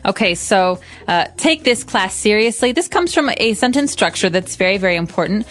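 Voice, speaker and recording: A woman's voice: mid-range voice, expressive, moderate pace, fairly bright tone, faint music behind. A woman co-hosting a lesson podcast, explaining words with example sentences. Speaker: podcast co-host. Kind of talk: English lesson chat.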